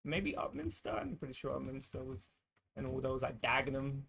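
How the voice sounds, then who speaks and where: A man's voice: medium pitch, big pitch swings, moderate pace, creaky, a bit bright, a little hiss or hum. A man chatting casually on a livestream, teasing his co-host and laughing often. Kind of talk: casual chat.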